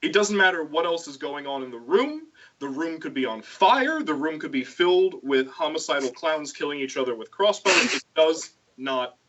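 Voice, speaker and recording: A man with a bright, slightly high voice chats on his stream with animated, storytelling energy. He swings his pitch upward whenever he acts out what someone says. The audio is dull and lo-fi. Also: normal speed, few pauses, a little hiss or hum. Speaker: stream host. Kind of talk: casual chat.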